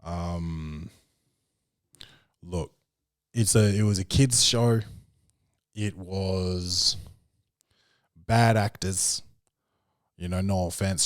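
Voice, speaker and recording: A young man with a lowish voice chats loosely and profanely on his own podcast, full of fillers and restarts. He acts out other people's lines with sudden high jumps. The sound is dry and close, with no room around it. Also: dry recording. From Australia. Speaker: podcast host. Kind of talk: casual solo film review chat.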